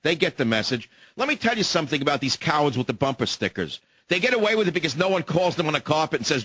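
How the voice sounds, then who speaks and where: Ranting radio host, high lively voice. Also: male voice, fast, few pauses, breathy edge, no room sound. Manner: ranting, combative. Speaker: radio talk show host. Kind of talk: angry talk radio monologue.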